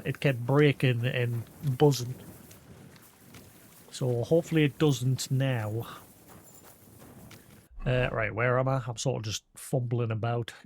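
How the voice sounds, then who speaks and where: A man's voice: medium pitch, slight background noise. Chatty Geordie man streaming a game. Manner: rambling and self-deprecating, with frequent "like" fillers. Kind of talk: casual live-stream chat while gaming.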